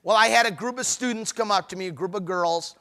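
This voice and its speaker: A man's voice: sits high, quick pace, sharp tone. A man giving a humorous, emphatic talk at a marriage conference, mixing preachy urging with jokes. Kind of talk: humorous live seminar talk.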